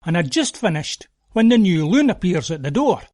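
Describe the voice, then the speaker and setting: A Scottish man telling a story in broad dialect, wry and homely, with a high voice. His pitch moves up and down lively, and the sound is dry and close. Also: normal speed, no room sound. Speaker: narrator. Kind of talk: dialect storytelling of an audio play.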